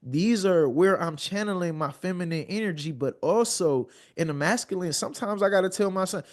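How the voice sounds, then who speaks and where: A man's voice: sits high, a little fast, few pauses. Earnest man telling a heartfelt story. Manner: earnest, repeats words as he builds a point. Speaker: podcast guest.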